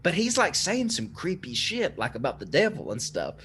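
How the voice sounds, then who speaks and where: A man's voice: on the high side, huge pitch swings, moderate pace, fairly bright tone, soft background music. A young man casually telling a spooky story on a podcast, swearing freely and laughing as he goes. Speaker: podcast guest.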